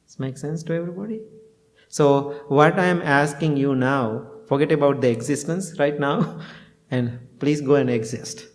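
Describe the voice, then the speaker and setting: Chuckling monk giving a homely talk. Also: male voice, fairly high pitch, moderate pace. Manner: plain simple phrasing with chuckles, acts out both sides of conversations. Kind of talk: informal dharma talk to a temple group.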